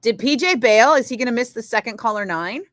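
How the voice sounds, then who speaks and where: A woman radio DJ chatting casually in her studio, answering viewer comments in an animated way with lots of fillers. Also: a little high, fairly quick, no room sound.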